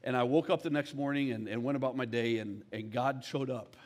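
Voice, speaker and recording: A man's voice: medium pitch, brisk. Candid man preaching a casual sermon. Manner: conversational, candid, often asks "all right?". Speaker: executive pastor. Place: church.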